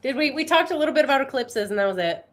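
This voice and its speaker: A woman's voice: high-pitched, lively intonation, very fast. A woman co-hosting a casual chat, talking in a laid-back, rambling way that often trails off. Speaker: co-host.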